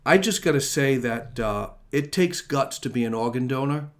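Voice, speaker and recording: A man's voice: medium pitch, moderate pace. A middle-aged man hosting a casual talk show, rambling and joking as he signs off. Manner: rambling, chatty, jokey. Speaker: host.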